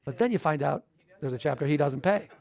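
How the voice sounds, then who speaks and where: A man's voice: a little high, fast talker, gravelly, no echo. A man, a guest author, telling jokey anecdotes in a TV interview. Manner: animated, joking storyteller.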